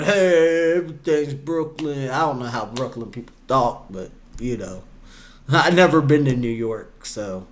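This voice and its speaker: A young man hosting a reaction video, talking casually and chattily, and laughing often. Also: mid-range voice. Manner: chatty, laughs often, acts out quoted voices.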